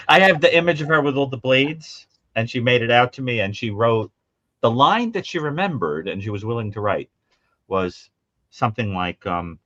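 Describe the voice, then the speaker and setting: A man co-hosting a call-in show talks at a moderate pace, his lo-fi recording free of room sound. The chat is casual and about horror films, and he brings his stories to life by acting out quotes in high, imitating voices.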